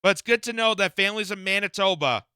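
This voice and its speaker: A man's voice: sits high, fast, pushed and bright, clean tone, dry recording, studio quality. A man from Canada giving indignant reaction commentary, firing off rhetorical questions with frequent fillers. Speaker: political commentator.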